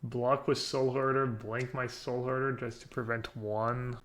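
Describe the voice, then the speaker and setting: A man streaming a card game, chatting casually and thinking out loud while poking fun at himself. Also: medium pitch, little pitch movement, unhurried. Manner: chatty, self-mocking, thinks aloud. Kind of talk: casual live-stream commentary.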